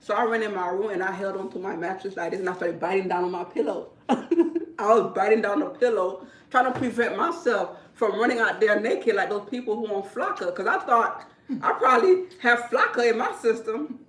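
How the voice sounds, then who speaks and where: A woman who works as a hairdresser, telling a story in casual talk, animated and repetitive, often breaking into laughter. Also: mid-range voice, brisk. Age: adult. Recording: roomy, from a distance.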